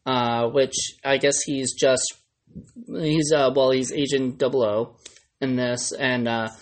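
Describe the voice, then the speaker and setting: A man's voice: medium pitch, fairly even intonation, takes it slowly. A man co-hosting a podcast, talking loosely about films with lots of fillers. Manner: chatty and loose, with many fillers. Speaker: podcast co-host. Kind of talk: casual chat about films.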